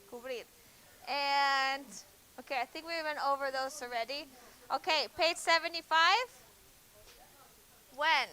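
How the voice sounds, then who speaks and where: Young teacher lady running spanish drills, high bright voice, quick asides to the kids. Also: poor audio. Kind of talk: classroom teaching. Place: classroom.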